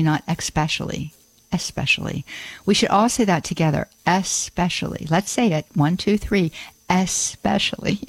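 A woman's voice: medium pitch, gravelly, no echo. Upbeat female call-in radio host, chatty with frequent laughs, dry studio mic. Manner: chatty and upbeat, laughs often, repeats phone numbers slowly. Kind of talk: live call-in radio talk. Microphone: studio microphone.

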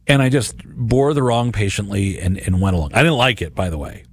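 Husky-voiced man talking on faith radio. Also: lowish voice, very animated, brisk, dry recording. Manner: conversational, earnest, with many restarts. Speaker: radio host. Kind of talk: radio reflection on scripture. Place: radio studio.

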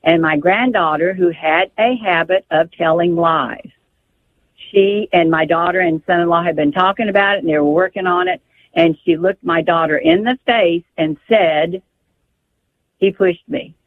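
A woman's voice: on the low side, moderate pace. An older woman calling in to a radio show, telling a painful family story in a pleading, stumbling way over the phone. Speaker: caller. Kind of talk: emotional call-in story. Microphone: telephone. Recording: tinny phone line.

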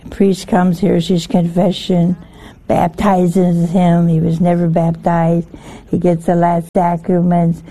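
A woman's voice: fairly low pitch, completely flat delivery, slow pace, warm tone. An older woman giving a folksy sermon, often putting rhetorical questions to her listeners. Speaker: religious teacher.

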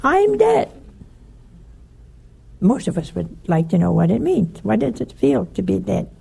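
An older woman, a religious speaker addressing listeners, gives lively sermon-style storytelling and acts out the people she describes. Her mid-range voice is gravelly and husky, dark and mellow in tone, and she speaks at a normal speed.

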